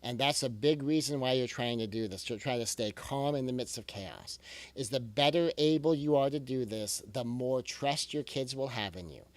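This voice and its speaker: A man's voice: mid-range voice, no echo. A man giving a recorded parenting talk in an earnest, reassuring way, often repeating key phrases for emphasis. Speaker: parenting coach.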